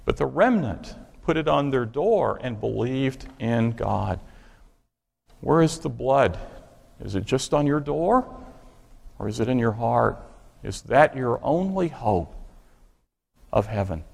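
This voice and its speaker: Gravelly preacher in an echoing hall. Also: male voice, medium pitch, animated, slow pace, pauses often. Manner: emphatic, asks the congregation rhetorical questions. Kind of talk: sermon.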